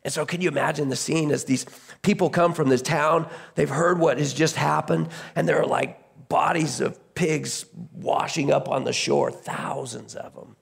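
A man's voice: on the high side, steady tone, normal speed, creaky, slightly rough. A man preaching a sermon as pastor, retelling a scripture story in a conversational way, often restarting his phrases.

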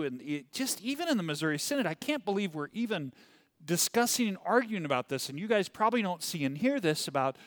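A man leading a church Bible class in a casual, animated way, rambling and often checking in with "okay?". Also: high voice, no echo, studio quality. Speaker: pastor teaching a Bible class.

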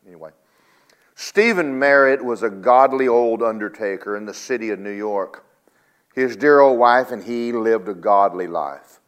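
An older man preaches a sermon at a moderate pace in a clear, resonant voice. He rises loud and high on key points, then drops low and quiet to tell stories.

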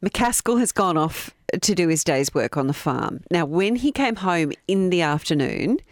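A woman hosting a podcast, telling a true crime story in a steady, matter-of-fact way with asides. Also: on the low side, moderate pace, dry recording, clean studio sound. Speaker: podcast host.

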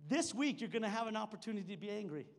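A man's voice: sits high, lively intonation, rapid-fire. A young man preaching a sermon in church, conversational and joking, with frequent restarts. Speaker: pastor. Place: church sanctuary. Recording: long hall reverb.

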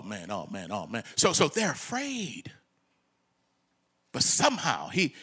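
A man preaching a sermon as pastor, swinging between loud, high exclamations and low, quiet asides. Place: church sanctuary.

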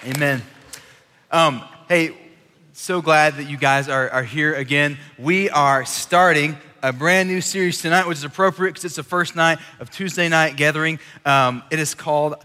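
Brief: preacher, casual sermon, bright tone, big hall reverb. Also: male voice, fairly high pitch, moderate pace. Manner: animated, chatty, audience-engaging. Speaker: college ministry preacher. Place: large church hall. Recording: long reverb in a large hall.

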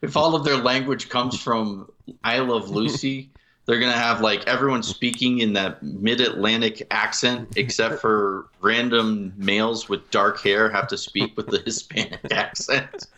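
A man's voice: lowish voice, steady tone, measured pace, sharp tone. A man co-hosting a podcast in casual chat, joking and riffing with frequent laughs. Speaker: podcast co-host.

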